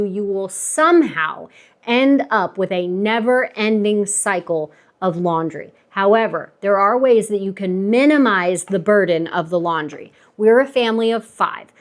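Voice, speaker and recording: Earnest mom giving home advice. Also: female voice, on the high side. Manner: earnest, emphatic, repeats for stress. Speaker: stay-at-home mom vlogger. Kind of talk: casual advice talk to camera.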